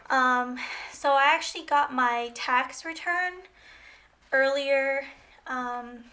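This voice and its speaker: Bright, chatty woman vlogger. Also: sits high, extremely slow, pauses often. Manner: chatty, rambling, scatter-brained. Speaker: budgeting vlogger. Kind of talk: casual talk-through while counting cash.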